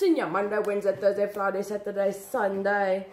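A woman unboxing gifts on camera, talking excitedly and emotionally to her viewers. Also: medium pitch, fairly quick, few pauses, reverberant. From South Africa. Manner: excitable, emotional, exclaiming and laughing. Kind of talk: casual chat to camera.

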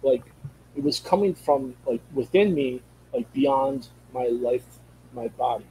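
A man of middle pitch tells a personal story in a loose, conversational way, stumbling over his words and repeating himself as he goes. A faint hum sits under his voice. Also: unhurried, warm tone, poor audio. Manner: rambling, repeats words and restarts often. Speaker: guest telling a personal story.

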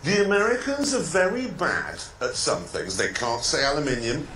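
A man's voice: a little high, big pitch swings, moderate pace, roomy sound, background noise. A man with an English accent, presenting on a motoring show in a sardonic, mocking manner. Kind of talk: scripted comic presenting.

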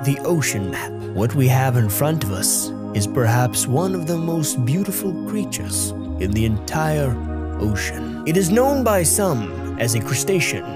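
Woman doing a lowered, slow, mock-grand older male wildlife documentary narrator, solemn and hushed. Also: big pitch swings, loud music behind the voice, exaggerated voice.

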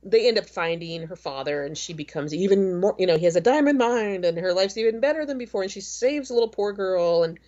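A woman's voice: medium pitch, expressive, fairly quick, few pauses, a little mellow, muffled recording. A woman in her forties co-hosting a podcast, telling stories in a rambling, chatty way full of fillers. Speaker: podcast co-host. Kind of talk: casual chat.

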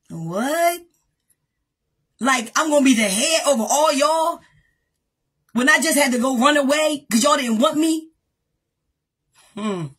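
A woman pastor preaching a lively sermon, often shouting and laughing as she retells scripture. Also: high voice, slightly rough. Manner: preaching with call-and-response energy, shouting and laughing.

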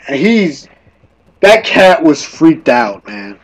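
A man's voice: on the high side, big pitch swings, slow, rough recording. A man streaming while gaming, drunk, telling a casual rambling ghost story full of restarts.

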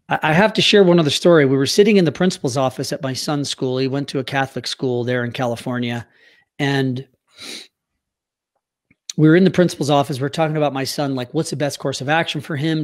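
A middle-aged man from the United States telling a heartfelt personal story as a podcast guest, earnest and at times choked up. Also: a little high. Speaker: youth hockey coach.

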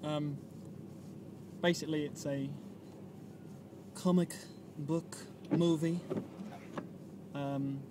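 Man, casual film chat, rambling, swears, fairly high voice, loud car noise. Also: steady tone, very slow, long pauses. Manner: rambling, profane, loses his train of thought. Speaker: vlogger.

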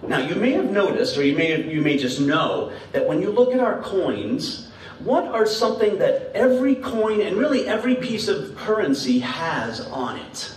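A man's voice: high-pitched, sing-song, normal speed, far from the mic, a little hiss or hum. A man giving a children's message in church, playful and laughing as he quizzes the kids with riddles. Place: church sanctuary. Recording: echoey sanctuary heard from afar.

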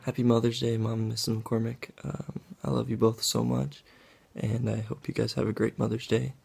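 A man giving a brief, soft-spoken video greeting to his mother. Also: medium pitch, level tone, normal speed, creaky, husky. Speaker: son recording a message. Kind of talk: casual video message.

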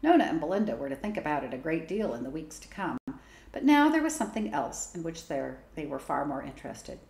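A woman reading a children's story aloud as storyteller, expressive and varied. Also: low voice, brisk. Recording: roomy echo.

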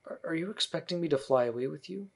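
A male narrator voicing a gentle, wistful grown woman who is a mother, speaking softly and apologetically, with some faltering. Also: fairly high pitch, animated, fast talker, vocal fry, slightly rough, pitched above the performer's own voice, full character voice. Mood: gentle, sad.

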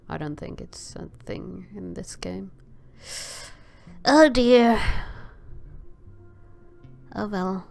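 Slow-talking woman narrating her gameplay. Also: lowish voice, vocal fry. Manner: exclaims and stammers filler sounds while playing. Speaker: gameplay commentator. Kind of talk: casual game commentary.

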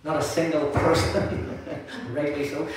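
High-voiced preacher in an echoey church. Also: male voice, measured pace, background noise. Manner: prays softly, then preaches with lively storytelling and laughter. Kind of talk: sermon. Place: church hall. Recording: echoey room from far off.

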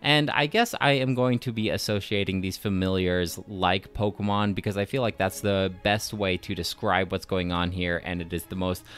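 A man's voice: sits low, steady tone, normal speed, hardly any pauses, a bit bright, clear, resonant tone. A young man giving a casual, enthusiastic spoken review of a video game, with lots of filler words.

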